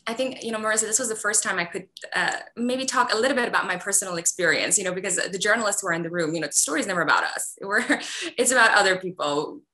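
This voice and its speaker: A woman's voice: medium pitch, fast, sharp tone, slight background noise, low-quality recording. A woman who grew up in Iran, an author answering interview questions earnestly, with many fillers and restarts. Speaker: author guest.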